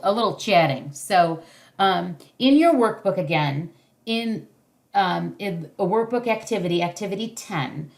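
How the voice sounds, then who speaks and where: A woman leading a parenting class over a video call, encouraging, with many fillers and restarts. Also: lowish voice. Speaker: parenting workshop facilitator.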